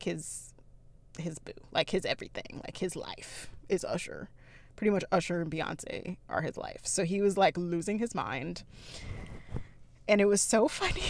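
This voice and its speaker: A woman's voice: fairly low pitch, creaky, dry recording. A young woman vlogging casually, chatting to viewers and telling stories with frequent laughter. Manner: chatty storyteller, laughs often, addresses viewers. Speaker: planner vlogger.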